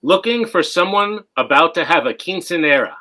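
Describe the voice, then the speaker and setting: A man playing as a comedian panelist on a comedy game show, delivering punchlines in a deadpan way. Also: fairly high pitch, moderate pace.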